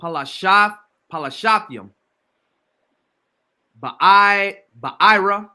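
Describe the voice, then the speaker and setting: Guy reading scripture real slow, sounding out every word bit by bit, kinda high bright voice. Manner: halting, sounds out words syllable by syllable. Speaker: reader.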